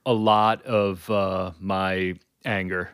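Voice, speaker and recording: A man co-hosting a podcast, talking in an easygoing, halting way with many fillers. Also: deep voice, flat delivery, fairly bright tone, smooth, no echo, clean studio sound. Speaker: podcast co-host. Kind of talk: casual chat.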